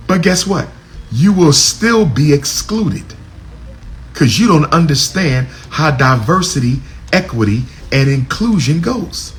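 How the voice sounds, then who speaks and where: A man's voice: on the high side, lively intonation, slow pace, a little hiss or hum. A man giving a political commentary monologue, preachy and repetitive, with rising and falling emphasis.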